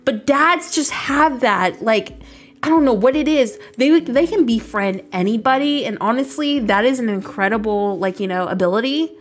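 A woman's voice: a little high, expressive, moderate pace. A young woman from the United States, chatting casually and laughing while streaming a video game. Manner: chatty, laughing, rambling with fillers.

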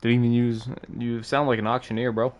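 A man's voice: mid-range voice, little pitch movement, fairly quick, crowd noise. A young man bantering crudely and laughing with a friend while they play a video game together over voice chat. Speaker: co-player. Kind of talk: casual gaming chat.

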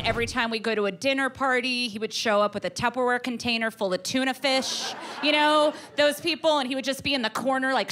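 A woman performing a stand-up comedy set, telling an animated story and slipping into voices for the people in it. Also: a little high, a little hiss or hum. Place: comedy club stage with audience.

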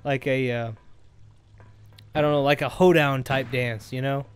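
A man giving casual let's-play commentary over a game, rambling, joking and getting excited as he plays. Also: mid-range voice, unhurried, smooth. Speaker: gameplay commentator.

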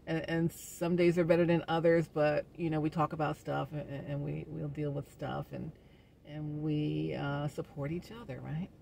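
A woman's voice: deep voice, gravelly, slight background noise. A woman hosting a wellness show, talking through her thoughts in a casual, soul-searching monologue and coming back to the same questions again and again. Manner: gentle, faith-minded encouragement. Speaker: host of a wellness community show.

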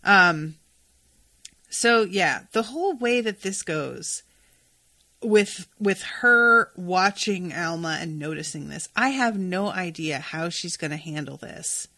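Bright-voiced woman recapping casually. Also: lowish voice, animated, slow. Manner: chatty, swears freely, reads quoted dialogue aloud. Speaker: podcast host recapping a TV episode.

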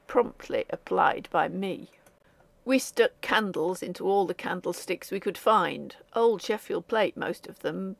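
A woman narrates a ghost story audiobook with a gravelly, creaky texture at a middle pitch. Her reading is measured and even, and the recording is close and dry, with no room sound. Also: no room sound. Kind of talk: scripted narration.

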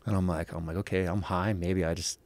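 An American man, a guest and professional fighter, telling a profane, animated story in casual chat and acting out the people in it. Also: low-pitched, fairly quick, dry recording, studio quality. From United States.

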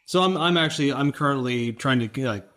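A man's voice: medium pitch, a little fast, fairly bright tone. A man taking part as a player in a tabletop game, talking casually and hesitantly with many fillers.

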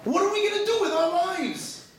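High-pitched rabbi preaching from afar in an echoey room. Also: male voice, moderate pace. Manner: emphatic, rhetorical questions, tells stories. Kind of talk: sermon to a women's group. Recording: very echoey room, distant mic, faint noise.

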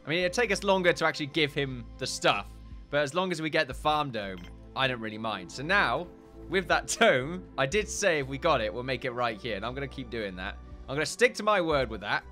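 A young man giving casual, joking commentary while playing games, chatty and quick to swear and laugh. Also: medium pitch, lively intonation, bright, forceful tone, faint music behind. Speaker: gaming YouTuber. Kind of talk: casual let's-play commentary.

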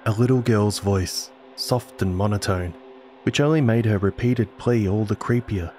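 A man giving a scripted narration of a horror story in a measured storytelling manner. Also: fairly low pitch, a little mellow, a little hiss or hum. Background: music.

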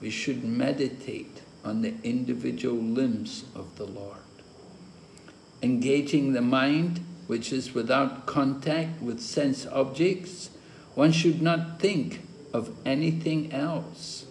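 Male spiritual teacher, scripture lecture, slow measured delivery, roomy echoey recording. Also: medium pitch, vocal fry, darkish tone. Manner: slow, deliberate explaining with occasional chuckles. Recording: roomy echo with faint ambient noise.

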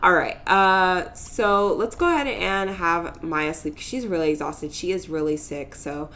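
In this let's play, a young woman with a fairly low, slightly bright voice casually commentates a life-simulation game. Chatty and prone to giggling, she narrates the drama of her characters and slips into their voices for quick asides.

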